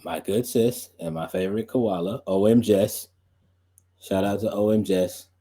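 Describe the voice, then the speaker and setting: A man's voice: lowish voice, a little slow, warm tone. A young man hosting a podcast and stream, chatting loosely with lots of fillers and laughs. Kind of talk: casual rambling chat.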